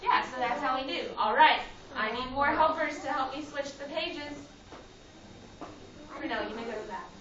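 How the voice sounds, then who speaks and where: A woman's voice: high-pitched, moderate pace, a bit bright. A woman teaching a phonics lesson to young children, calling on students by name and giving firm directions in a sing-song way. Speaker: kindergarten teacher. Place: classroom with children on a rug. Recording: roomy, distant, dull classroom camera recording. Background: children's voices.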